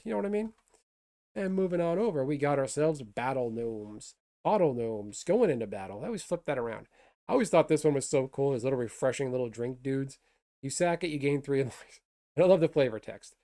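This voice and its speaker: A man's voice: fairly high pitch, expressive, fast talker, mellow. A man casually reviewing trading cards for a video, enthusiastic and rambling, with lots of fillers and restarts. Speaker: card game video host. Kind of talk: casual card review talk.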